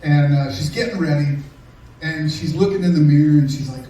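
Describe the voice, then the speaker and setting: A middle-aged man doing a stand-up comedy set, telling sarcastic, deadpan stories about an ex and bantering with the crowd. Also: on the high side, brisk, a little hiss or hum. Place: comedy club stage. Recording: echoey live room from a distance.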